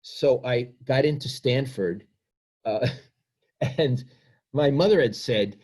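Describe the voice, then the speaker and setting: A man's voice: medium pitch, takes it slowly, pauses often, darkish tone. Older New man reading his book. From Brooklyn, New York. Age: 70s. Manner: reflective, self-deprecating. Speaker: author.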